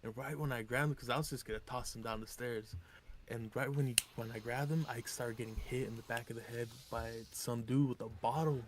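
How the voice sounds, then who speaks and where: A man of ordinary pitch tells a long story on his stream in a loose, rambling way. He swears constantly and switches into the voices of the people in the tale. A faint noise sits behind him. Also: fairly even intonation, brisk. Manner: profane, rambling, acts out quotes. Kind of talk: casual storytelling on a live stream.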